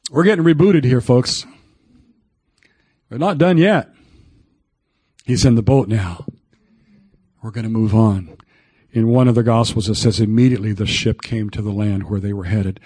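An older male pastor delivering a folksy sermon at an unhurried pace. He talks emphatically and drifts into old hymns along the way. The sound is dry, with no room echo. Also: on the low side, a little mellow, breathy edge.

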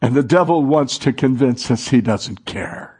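A man preaching a sermon in a dramatic way, moving from hushed passages to rising fervor. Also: medium pitch, animated, moderate pace, husky.

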